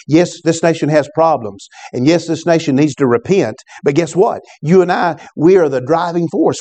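A pastor delivers a sermon from the pulpit in a voice that's somewhat high for a man but mellow and warm. He tosses in asides that invite the congregation to respond.

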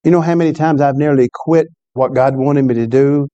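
Mellow-voiced preacher man. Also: mid-range voice, steady tone, brisk, lo-fi sound. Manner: storytelling preacher, conversational with call-and-response asides. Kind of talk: sermon.

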